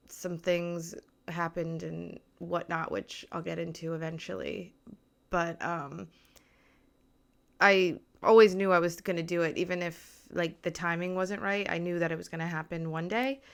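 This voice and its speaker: A woman's voice: on the low side, fairly even intonation, measured pace, creaky, smooth. A young woman hosting her own podcast from a small apartment, chatting nervously and rambling with lots of filler words. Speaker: podcast host. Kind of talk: casual solo podcast chat. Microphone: mic with camera on tripod.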